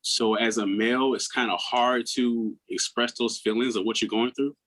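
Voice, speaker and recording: Guy in his 30s on a podcast, raw and earnest, mid-pitch voice, keeps restarting his words. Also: fairly even intonation, moderate pace, fairly bright tone, rough recording. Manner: acts out quoted people in a raised voice. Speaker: podcast guest. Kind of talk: candid personal storytelling.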